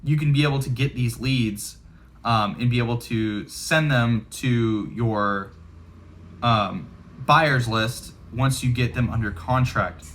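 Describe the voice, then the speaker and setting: A man's voice: medium pitch, takes it slowly, a bit bright, a little hiss or hum. A man and real estate investor coaching viewers in a casual, chatty way, with lots of fillers. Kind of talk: casual instructional talk to camera.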